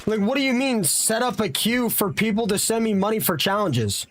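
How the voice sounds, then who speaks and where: Animated young man streaming, high voice. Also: moderate pace, slight background noise. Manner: animated, rants with rhetorical questions. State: tired after a long stream. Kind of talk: casual live-stream chat.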